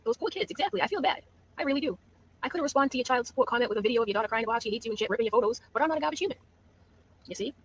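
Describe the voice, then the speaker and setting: A woman talks quickly and scornfully, tossing out profane jabs with a mocking, falsely sympathetic edge. Her commentary has the loose, off-the-cuff feel of a live stream. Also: on the high side, lively intonation, slight background noise, rough recording. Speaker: YouTube streamer.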